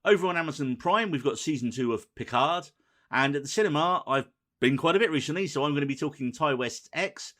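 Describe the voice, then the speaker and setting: A man hosting a film and TV podcast in casual chat, brisk and teasing as he runs through the rundown. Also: on the high side, expressive, fairly bright tone. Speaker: podcast host.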